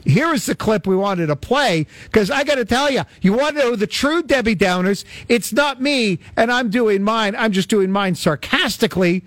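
A man's voice: high-pitched, lively intonation, moderate pace, few pauses, a bit bright, dry recording. A man hosting a sports talk show, bantering sarcastically with a co-host.

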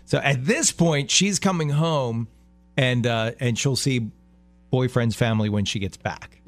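A man's voice: medium pitch, unhurried, faint music behind. Wry male radio co-host. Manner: wry, self-deprecating humor. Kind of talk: morning radio chat.

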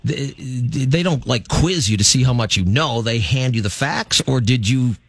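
A man's voice: medium pitch, animated, moderate pace, fairly bright tone, breathy edge, no echo. A man hosting a radio show, joking and teasing his guest in casual talk. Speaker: radio host.

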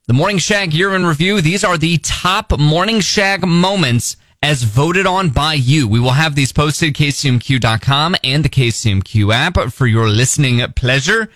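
A man hosting a radio morning show in casual banter, teasing and quick to laugh. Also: on the high side, a bit bright, no echo, studio quality.

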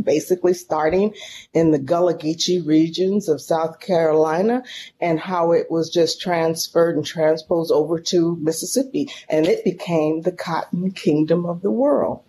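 Animated woman telling a family story. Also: low-pitched, slight background noise. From San Francisco, California. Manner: animated storyteller, folksy and emotional. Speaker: podcast guest, professor. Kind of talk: storytelling in casual interview.

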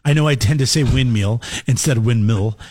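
A man's voice: medium pitch, fast talker, a little mellow, dry recording. A man co-hosting a casual morning radio show, chatty and jokey.

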